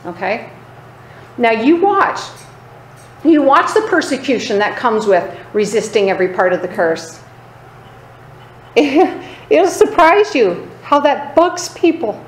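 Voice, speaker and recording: A woman teaching a sermon with emphasis, keeps asking her listeners "right?" and drops into lower, quieter voices to act out other people. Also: very animated, takes it slowly, pauses often. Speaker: Bible teacher. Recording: echoey room, faint background noise.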